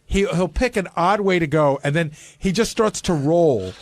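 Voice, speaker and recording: A man's voice: a little high, lively intonation, normal speed. A man on talk radio, probing and incredulous as he calls out a colleague's behavior. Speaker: radio show regular. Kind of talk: casual talk radio banter. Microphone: studio microphone.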